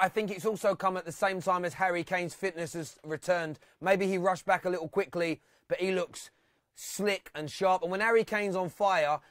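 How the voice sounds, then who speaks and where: Excitable man hosting a phone-in. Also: sits high, no echo, clean studio sound. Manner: excitable, reads out fan comments and stats. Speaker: host of a football phone-in. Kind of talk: live fan phone-in chat.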